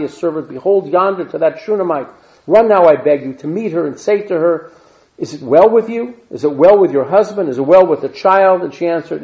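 A man's voice: fairly high pitch, darkish tone. Man teaching scripture, lo-fi recording. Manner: reads verses then adds plain asides and Hebrew terms. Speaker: Torah teacher. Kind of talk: reading and explaining scripture. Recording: dull lo-fi recording.

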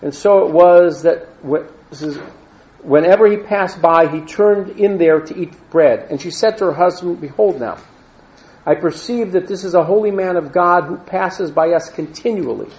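On a dull, lo-fi recording, a Torah teacher reads verses of scripture and then interjects plain asides and Hebrew terms to explain them. His voice sits high and darkish, at normal speed.

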